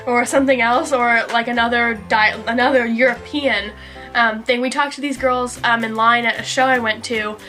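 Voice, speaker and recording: Young woman from kentucky, chatty storyteller, high bright voice, faint music behind. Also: steady tone, normal speed. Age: young adult. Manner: chatty storyteller, acts out quotes. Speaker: study abroad student. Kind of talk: casual chat.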